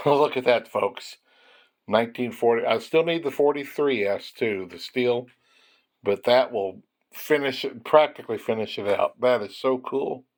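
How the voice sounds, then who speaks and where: A man with a mid-range voice speaks unhurriedly while sorting pennies as host of a coin-roll hunting channel. He chats casually and folksily with viewers as he searches coin rolls, chuckling often and calling them "folks."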